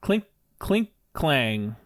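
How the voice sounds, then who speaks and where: A man's voice: mid-range voice, big pitch swings, very slow, dry recording, clean studio sound. A man playing a shifty, evasive grown man who stammers and denies everything, in improvised comedy role-play. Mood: sly.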